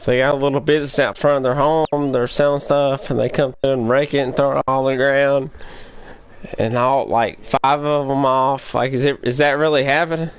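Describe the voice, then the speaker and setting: A man's voice: mid-range voice, little pitch movement, normal speed, smooth. A young man, rambling and swearing as he talks straight to his live-stream chat during a game. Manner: rambling, profane, addresses chat directly.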